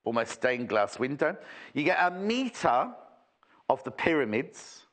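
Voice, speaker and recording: Presenting on a shopping channel, a man speaks in an unhurried, sing-song way with a mid-range, fairly bright voice. The live pitch rambles along, jokey and peppered with asides.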